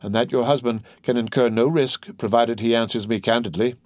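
A man voicing a calm, grave priest who speaks in a measured, formal way. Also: mid-range voice, no echo, natural voice. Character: calm, secretly shaken priest. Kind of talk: audiobook character reading.

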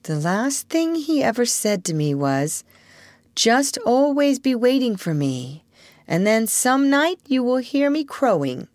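A woman reading aloud and voicing a gentle, apologetic grown-up mother. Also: fairly high pitch, sing-song, takes it slowly, no echo, clean studio sound, voice pushed up. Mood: tender. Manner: tender, apologetic. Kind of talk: storybook reading.

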